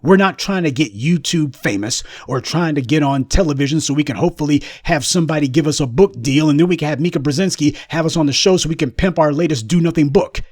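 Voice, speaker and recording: A man's voice: on the high side, quick pace, hardly any pauses, darkish tone, dry recording, studio quality. A man giving a sarcastic, combative commentary monologue as the host of his own channel. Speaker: political commentator.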